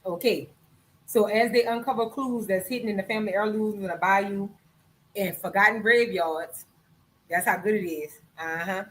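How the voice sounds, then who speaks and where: A woman's voice: mid-range voice, moderate pace, fairly bright tone, slight background noise, poor audio. Woman hosting a live chat. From Louisiana. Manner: loose, swearing, talks straight to viewers. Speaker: podcast host. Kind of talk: casual live-stream chat, book recommendation.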